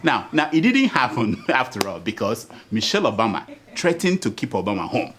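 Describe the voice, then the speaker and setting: A man's voice: medium pitch, big pitch swings, fairly quick. A Nigerian man hosts a comic news show with a wildly swinging voice, laughing through his own jokes. His recording carries a noticeable hiss and clicks. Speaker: satirical show host.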